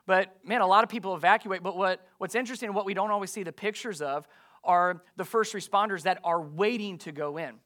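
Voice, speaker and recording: A man's voice: high voice, brisk, fairly bright tone. A man preaching a sermon in church, reading scripture and posing rhetorical questions to his congregation in a conversational way. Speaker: pastor.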